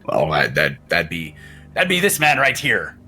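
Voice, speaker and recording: A man voicing a gruff, folksy male riverboat hand. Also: sits low, huge pitch swings, unhurried, sharp tone, soft background music, pitched below the performer's own voice, heavily acted. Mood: jovial.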